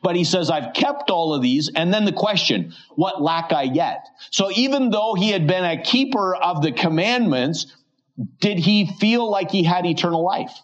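A man preaching an expository sermon, reading scripture slowly and asking his listeners questions. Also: sits high, animated, highs cut off. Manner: reads scripture slowly and deliberately, asks rhetorical questions.

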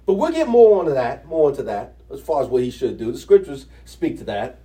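A man teaching a Bible study, reading scripture aloud and then talking it through in an animated, conversational way with rhetorical questions. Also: medium pitch, fairly quick, distant mic.

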